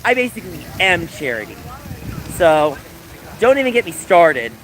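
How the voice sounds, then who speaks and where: A man livestreaming from outdoors, talking to chat in an animated, mocking, sarcastic way. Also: high voice, normal speed. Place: outdoors in a busy public area. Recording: outdoor street noise with passing vehicles.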